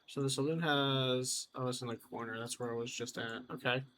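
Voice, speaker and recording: A man chatting his way through a game, wry and self-amused as he pokes around and remarks on what he finds. His voice sits at an ordinary middle pitch. A faint hiss runs under it. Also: steady tone, brisk, a bit bright. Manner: chatty, wry, talks to himself while exploring. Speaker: gamer. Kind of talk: let's play commentary.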